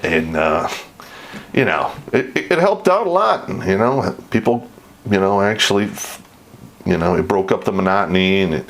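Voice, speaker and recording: Gravelly middle-aged guy telling army stories, swears a lot, laid-back. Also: low voice, expressive, normal speed, a bit bright, a little hiss or hum. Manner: laid-back, profane, laughs through his stories. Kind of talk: casual storytelling.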